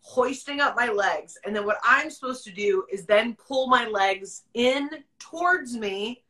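A woman's voice: on the high side, expressive, a little slow, sharp tone, low-quality recording. A woman hosting a podcast, telling a story in a casual, candid way, swearing freely, laughing often and acting out the people she quotes. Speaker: podcast host.

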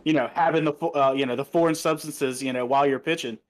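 A man's voice: medium pitch, steady tone, fast talker. A man co-hosting a casual podcast chat, hesitant and full of fillers. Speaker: podcast co-host.

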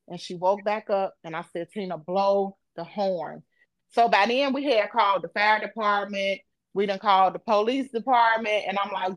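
A woman tells a tense personal story at a middle pitch. She talks in a vivid, emotional, casual way and swears now and then. The sound is dry and close. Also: moderate pace, no echo. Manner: emotional, vivid retelling with profanity. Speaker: podcast co-host.

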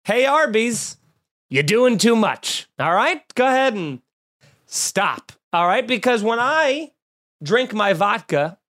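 A man hosting a podcast in casual comedic chat, riffing sarcastically with animated mock quotes. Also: high voice, takes it slowly. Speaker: podcast host.

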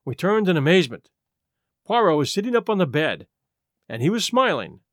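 A man reading an audiobook as first-person narration in an expressive way. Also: high voice, fairly quick, dry recording, studio quality. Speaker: audiobook reader.

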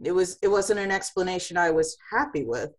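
A woman's voice: lowish voice, lively intonation, fairly quick. A woman who runs a comics publishing company, answering in an interview with vivid analogies and frequent restarts.

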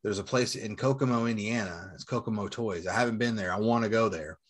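Fairly quick and on the low side, this forties-aged man's voice carries loose, foul-mouthed anecdotes. He's a toy collector and seller, and in casual conversation he tells his meandering tales with lively animation.

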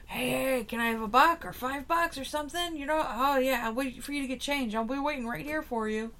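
A woman's voice: high voice, fairly quick, a bit bright, voice pushed up. A woman voicing a drunk male panhandler who pleads and wheedles for spare change. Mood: wheedling.

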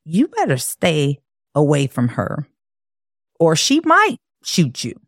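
A woman's voice: low voice, huge pitch swings, takes it slowly, no echo, studio quality, full character voice. A woman quoting her blunt older brother. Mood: blunt warning. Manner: blunt, matter-of-fact warning. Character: stern older brother, boy, blunt and warning.

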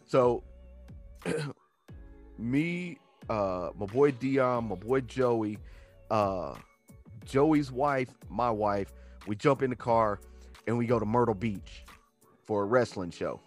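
A man's voice: medium pitch, expressive, takes it slowly, pauses often, soft background music. A man telling a long, profane anecdote as a comedian guest on a podcast. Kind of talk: storytelling in a podcast chat.

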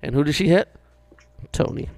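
A man co-hosting a podcast, telling a story in a rushed, animated way during casual banter. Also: a little high, dry recording. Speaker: podcast co-host.

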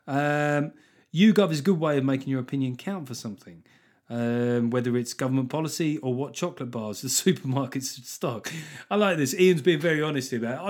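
A man's voice: medium pitch, brisk, darkish tone. A man hosting a comedy podcast alone, chatting casually and mocking things with plenty of swearing. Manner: sweary, mocking, riffs between readouts. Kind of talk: casual solo podcast chat.

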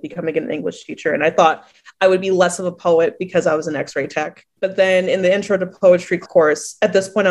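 A woman from New Jersey, a poet being interviewed, who chats casually, laughs often and acts out the people she quotes. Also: on the low side.

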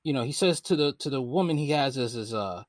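A man riffing through casual reaction commentary, his pitch leaping around as he marvels at what he hears. His voice sits close and dry, with no room sound. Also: fast talker, no room sound. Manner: animated, incredulous, slangy. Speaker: commentary host.

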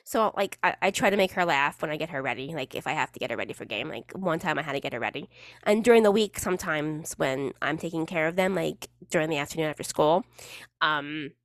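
A woman's voice: sits low, animated, quick pace, no room sound, clean studio sound. A woman hosting a casual solo podcast in a chatty, rambling, playful way, with the odd swear word. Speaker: podcast host.

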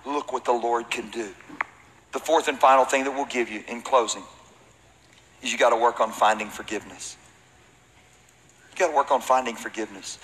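A man's voice: mid-range voice, bright, forceful tone. A man pastoring a church, preaching a sermon to his congregation with emphatic, rising peaks. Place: large hall with congregation. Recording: reverberant hall.

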